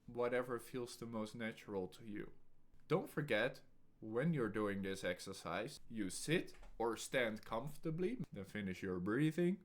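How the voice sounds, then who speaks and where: A man teaching as an English speaking coach, talking calmly and deliberately with a pause every few words. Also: mid-range voice.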